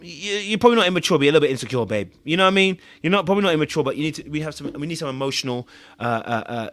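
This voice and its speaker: The host, a man with a medium-pitched, fairly bright voice and no room sound, reviews a reality TV show. He scolds the contestants, mocks them with rhetorical questions, and stumbles over words with repeated fillers.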